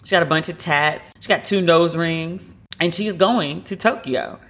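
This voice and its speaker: Bright, chatty woman podcast host. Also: fairly low pitch, normal speed. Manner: chatty, gushing, lots of filler "like". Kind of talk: casual solo chat. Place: home loft.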